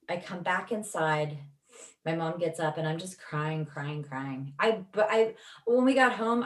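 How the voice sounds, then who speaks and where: A woman casually telling a rambling, emotional story, swearing often. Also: lowish voice. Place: Los Angeles. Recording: echoey room, distant from mic.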